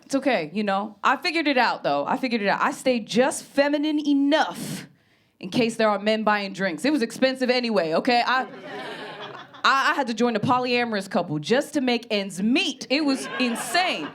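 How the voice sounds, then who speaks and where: A woman comedian with a high voice delivers a stand-up set. Her storytelling is brash and animated. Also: moderate pace.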